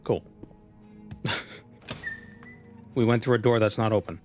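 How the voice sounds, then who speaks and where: A man's voice: on the low side, quick pace, warm tone. A man streaming a game, chatting casually and reacting aloud to what happens on screen. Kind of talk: casual gameplay commentary. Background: game music.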